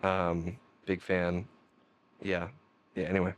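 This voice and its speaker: Speaking slowly in a clean tone with no room sound, a Canadian podcast guest spins rambling stories. He's animated during the casual chat, laughing frequently and leaping up and down in pitch.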